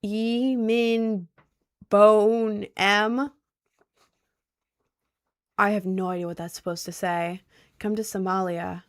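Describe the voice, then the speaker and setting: A young woman from Maryland, USA, streams live and reads her chat, answering viewer questions casually with playful, dry sarcasm. Her mid-range voice keeps a level tone, moving slowly with long pauses.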